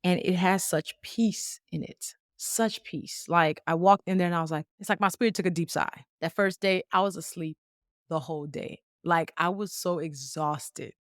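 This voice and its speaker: A woman in her late thirties hosts a podcast and tells a personal story in a lively, chatty way, full of casual slang. Her voice sits a little low. The recording is close and dry, with no room sound. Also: moderate pace, dry recording. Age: late 30s. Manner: lively, conversational, acts out quoted dialogue. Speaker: podcast host.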